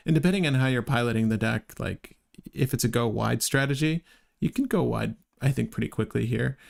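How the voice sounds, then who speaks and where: A man with a gravelly, creaky voice co-hosting a live card-game ranking stream. He talks loosely and chattily, stumbling and restarting as he goes, often turning to speak to the viewers. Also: medium pitch, a little fast. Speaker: co-host ranking game cards on a livestream. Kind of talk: casual live-stream chat.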